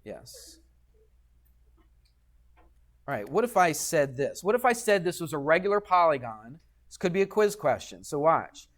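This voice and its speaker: A male math teacher talking through a geometry lesson in a classroom. His voice sits a little high for a man, and he is patient and talkative, tagging "okay?" onto his points as he checks in with the class. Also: very animated, normal speed, fairly bright tone.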